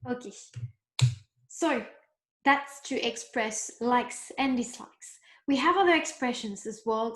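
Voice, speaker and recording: A woman teaching a beginners' lesson, explaining slowly step by step and checking in with the class. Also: a little high, echoey room. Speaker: French teacher. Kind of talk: recorded online lesson.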